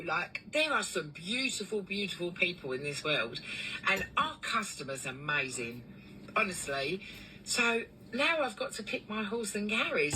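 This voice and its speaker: A woman who runs a cleaning business, telling a long story in a chatty, animated way with lots of fillers. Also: mid-range voice, far from the mic, slight background noise, low-quality recording. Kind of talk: casual storytelling vlog.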